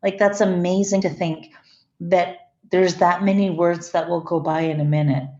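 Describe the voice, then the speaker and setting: A woman's voice: lowish voice, steady tone, normal speed, darkish tone. A woman lecturing a class, explaining ideas step by step and often restarting or correcting her wording. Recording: echoey room, slightly dull sound.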